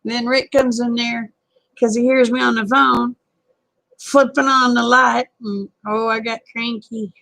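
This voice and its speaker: Woman, raspy twang, a touch high, dry close phone mic; folksy livestream host, worn out. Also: little pitch movement, a little slow, fairly bright tone, dry recording, poor audio. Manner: folksy, rambling, self-deprecating. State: tired. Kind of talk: casual livestream chat with viewers. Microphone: phone camera close up.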